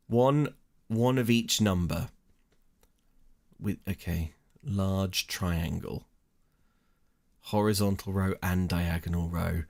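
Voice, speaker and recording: Slow, low-voiced young man thinking aloud. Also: vocal fry, darkish tone. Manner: thinks aloud, exasperated by puzzles, mutters. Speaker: let's play streamer. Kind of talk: casual gameplay commentary.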